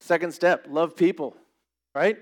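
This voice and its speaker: A man's voice: on the high side, unhurried. Earnest male pastor preaching. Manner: earnest, rising to emphatic questions. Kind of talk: sermon.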